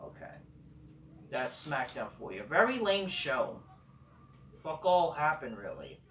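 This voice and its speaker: A man's voice: fairly high pitch, sing-song, slow, a bit bright, slight background noise. A man hosting a casual review show, ranting in a sarcastic, profane, dismissive way. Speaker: host. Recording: roomy echo, far from the mic.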